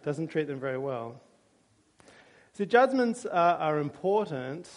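A man's voice: fairly high pitch, very animated, measured pace. A male pastor preaching a sermon in a church, conversational and with dry humor.

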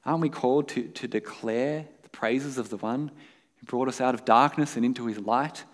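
A man's voice: mid-range voice, moderate pace, long reverb tail. A man preaching a sermon as pastor, earnest and emphatic, asking his listeners rhetorical questions.

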